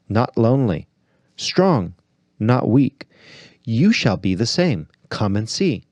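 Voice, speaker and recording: A man reading aloud and voicing a joyful heavenly lady who speaks slowly and tenderly. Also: mid-range voice, a little mellow, dry recording. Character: radiant joyful heavenly lady, gentle and serene.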